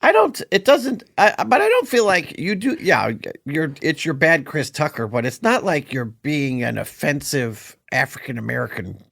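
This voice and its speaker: A man chatting on a podcast with a slightly high voice that swoops up and down with lively expression. He jokes and riffs readily, heard close and dry with no room sound. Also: vocal fry, dry recording. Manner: animated, quick to joke and riff. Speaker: podcast co-host. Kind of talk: casual chat.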